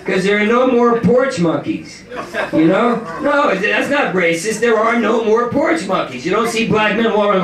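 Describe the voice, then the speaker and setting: Manic new comic guy, high voice, yelling rants in an echoey club, crowd all around. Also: animated, moderate pace, far from the mic. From New York. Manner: manic, profane, shouting rants with laughs. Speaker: stand-up comic. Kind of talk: stand-up comedy. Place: comedy club. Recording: roomy club recorded from afar with crowd.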